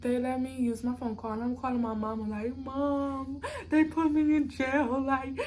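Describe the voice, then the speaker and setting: A young woman vlogger telling a storytime in casual chat, animated and talking straight to her viewers. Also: on the high side, slight background noise.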